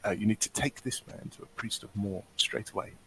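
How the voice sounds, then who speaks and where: A man playing a tabletop game, talking through his character's schemes out loud. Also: lowish voice, a little fast, a little hiss or hum, rough recording. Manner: scheming, improvises plans out loud. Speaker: player. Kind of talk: casual tabletop game chat.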